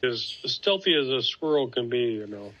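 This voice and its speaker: A man playing a tabletop game, joking in a slow, halting way. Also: medium pitch, lively intonation, pushed and bright, lo-fi sound, a little hiss or hum. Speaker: player.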